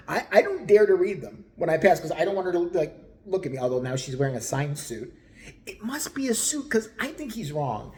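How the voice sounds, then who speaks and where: A vlogger ranting through a storytime in an animated, profane, exasperated way. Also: mid-range voice, quick pace. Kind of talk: storytime rant.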